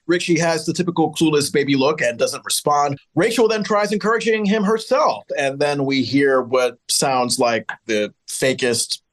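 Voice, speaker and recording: A man's voice: a little high, moderate pace, few pauses. A young man from Connecticut co-hosting a podcast, casually recapping sitcom scenes and joking about them. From Connecticut, USA. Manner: playful, narrates scenes then jokes.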